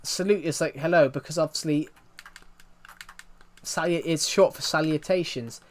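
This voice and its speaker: A man's voice: a little high, moderate pace. A young man chatting casually on a live game stream. He tells stories in a rambling way and pokes fun at himself. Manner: rambling, self-mocking storytelling.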